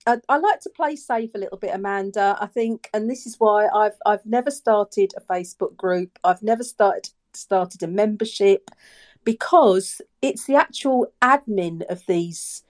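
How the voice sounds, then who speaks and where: A woman's voice: mid-range voice, unhurried. Hesitant woman guest on a podcast. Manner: hesitant, repeats herself, plays it safe. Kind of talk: casual podcast chat.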